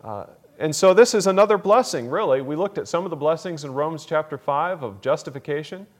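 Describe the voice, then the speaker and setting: A man preaching a sermon, slow and deliberate, repeating key phrases for emphasis. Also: a little high, expressive. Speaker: pastor.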